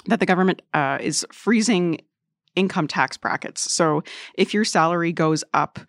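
A woman's voice: lowish voice, no room sound, studio quality. Chatty woman hosting a news podcast. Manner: chatty, quick asides and laughs. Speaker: podcast host. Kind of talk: casual news podcast chat. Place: studio room with other guests.

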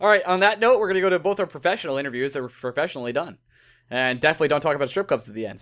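A man's voice: a little high, very fast, a bit bright. A man co-hosting a casual sports podcast, joking around and tripping over names as he reads. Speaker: podcast co-host. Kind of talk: casual chat.

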